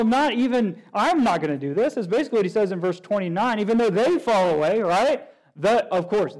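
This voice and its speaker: A man's voice: high-pitched, a little mellow, low-quality recording. A man preaching a sermon as pastor, asking his listeners many rhetorical questions.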